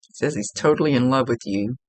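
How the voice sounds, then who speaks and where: A psychic medium gives a casual one-on-one reading, her speech chatty and rambling as she keeps restarting sentences. Her voice is low and rumbling with a darkish tone, and she talks fast. There's no echo on the recording.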